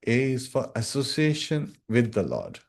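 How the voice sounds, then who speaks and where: A man's voice: medium pitch, wildly swooping pitch, unhurried. A man giving a devotional scripture class, speaking earnestly to his devotees, reciting Sanskrit verses and often checking in with "right?". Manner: earnest and instructive, addresses listeners as dear devotees.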